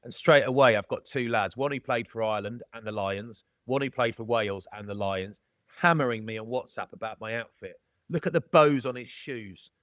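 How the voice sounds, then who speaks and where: A man's voice: lowish voice, brisk, few pauses, fairly bright tone, dry recording, clean studio sound. A middle-aged Englishman with a jokey, matey manner, chatting casually as a podcast guest. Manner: jokey, matey, calls people mate. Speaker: podcast guest, former rugby player. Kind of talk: casual storytelling chat.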